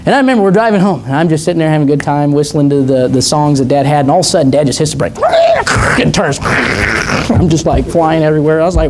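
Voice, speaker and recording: A man preaching a sermon in a church, telling stories with fervor and building to shouts. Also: on the high side, quick pace, a little hiss or hum. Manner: fervent storytelling preacher, rising to shouts. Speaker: pastor. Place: church sanctuary.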